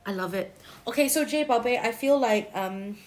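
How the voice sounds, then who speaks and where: A tarot reader with a slightly high voice talks at normal speed during her livestream. She chats with viewers in a blunt, easygoing manner, using "lah" and "leh" often.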